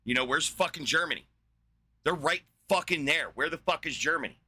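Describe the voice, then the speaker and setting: A man's voice: fairly high pitch, expressive, fairly quick, pushed and bright, slightly rough, no echo, low-quality recording. A man in his forties from New Mexico, ranting angrily on his podcast with constant swearing and rambling asides. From New Mexico, USA. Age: 40s. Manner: angry, rambling, heavy swearing. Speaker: podcast host. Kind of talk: profane solo rant.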